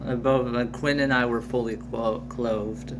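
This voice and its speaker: A man's voice: mid-range voice, unhurried. A man improvising a family adventure story, rambling and correcting himself as he goes. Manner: rambling, self-correcting narration. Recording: steady air conditioner hum.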